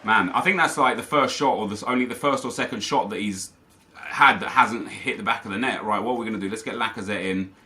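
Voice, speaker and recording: A man's voice: lowish voice, fairly quick, bright, forceful tone. A young man commentating live over his own gameplay, ranting in frustration to his viewers. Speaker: gaming YouTuber.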